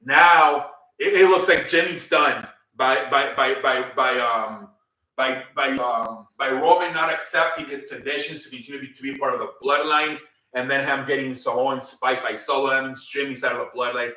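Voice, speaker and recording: A man's voice: mid-range voice, steady tone, moderate pace, bright, forceful tone. A man casually recapping a wrestling show, rambling with many fillers and repeated words. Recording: roomy echo, a bit far from the mic.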